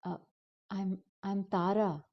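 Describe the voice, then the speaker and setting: A frail young girl, cold and close to fainting, voiced by a woman storyteller. She speaks softly and haltingly, repeating herself. The pace is slow and unsteady. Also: mid-range voice, fairly even intonation, muffled recording. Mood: timid. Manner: weak, hesitant voice.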